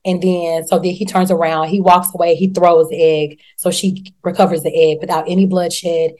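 A woman hosting a casual chat, recapping a TV show in a slangy, profane, animated way and acting out the characters. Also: lowish voice, moderate pace.

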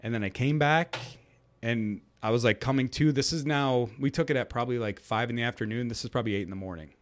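A young man talks quickly in a middle-pitched voice, telling a long, rambling story with plenty of fillers. He voices the people in it by going up into a goofy register.

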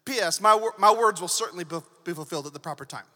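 A pastor putting on a furious, commanding male angel, shouting indignantly in an echoey hall. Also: high-pitched, quick pace, voice pushed down. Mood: stern. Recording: echoey hall with long reverb.

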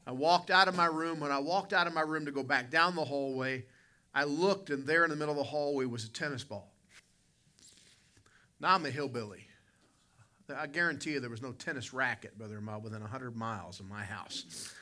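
A man preaching a sermon as pastor, telling a story in an animated way with sudden loud bursts. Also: mid-range voice, fairly quick.

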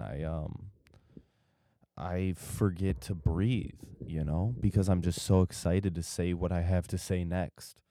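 A man's voice: low voice, mellow, no echo, clean studio sound. A tired young man rambling loosely through a solo podcast, drifting off topic and losing his train of thought. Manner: drowsy, meandering, loses his train of thought. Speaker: podcast host.

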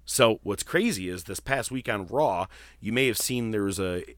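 A man with a lowish voice hosts a casual wrestling podcast. He tells his stories in a swearing, animated rush, full of asides. His voice is close and dry, with almost no room sound. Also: normal speed, no echo. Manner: profane, animated storytelling. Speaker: podcast host.

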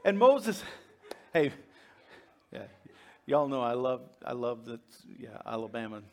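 A man's voice: medium pitch, very animated, slow pace, gravelly. A man preaching a sermon as pastor, conversational and joking with his congregation. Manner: humorous, conversational, laughs with the congregation.

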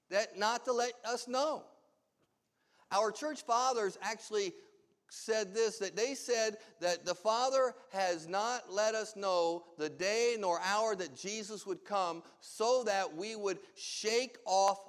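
High-voiced pastor preaching slow and emphatic, big hall echo. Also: male voice. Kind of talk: sermon. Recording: long hall reverb.

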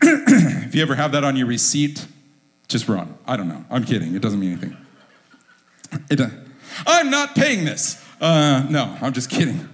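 A man's voice: medium pitch, very animated, brisk. Joking pastor preaching to his congregation. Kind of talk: sermon.

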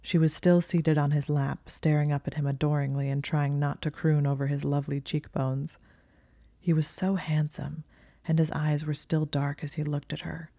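An audiobook narrator reading fiction in a calm, even storytelling manner. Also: medium pitch, moderate pace, vocal fry, no echo, clean studio sound. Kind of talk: scripted narration of fan fiction.

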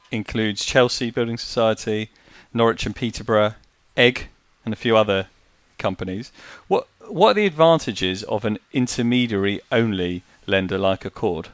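Low-voiced man asking measured questions. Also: animated, clean tone, no echo. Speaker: podcast co-host, interviewer. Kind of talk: podcast interview questions.

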